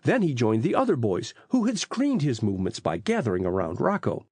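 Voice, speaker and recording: A man narrating an audiobook in a lively, expressive reading style on a close mic. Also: medium pitch, brisk, husky, dry recording. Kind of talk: storybook narration.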